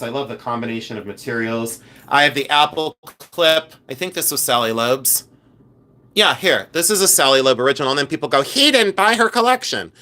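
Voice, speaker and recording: Chatty campy man with a bright voice. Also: medium pitch. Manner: chatty, campy, animated, talks to viewers' comments. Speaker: podcast host and jewelry collector. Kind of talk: casual live-stream chat.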